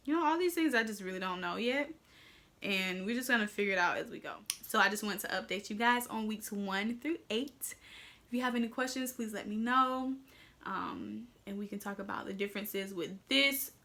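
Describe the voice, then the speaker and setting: A woman's voice: mid-range voice, bright, forceful tone. A young woman chatting candidly to her viewers in a pregnancy update vlog, sounding a little winded. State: slightly out of breath. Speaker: vlogger.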